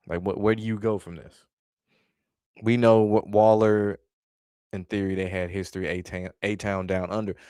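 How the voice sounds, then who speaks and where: Vlog host, male, low smooth voice, dry close sound, blunt exasperated ranting delivery. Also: little pitch movement, moderate pace, mellow, no room sound. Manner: exasperated, blunt, heavy swearing. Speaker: wrestling commentary vlogger. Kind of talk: casual profane rant reacting to chat.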